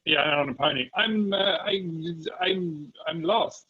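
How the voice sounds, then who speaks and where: A man's voice: on the high side, measured pace, slight background noise. Stammering man on a dull lo-fi mic. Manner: stammering, repeating words. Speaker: player. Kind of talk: tabletop game play.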